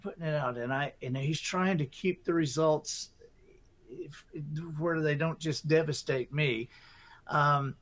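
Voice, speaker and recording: A middle-aged man telling a story as a guest author, lively and acting out his own inner voices. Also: a little high. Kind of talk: animated storytelling.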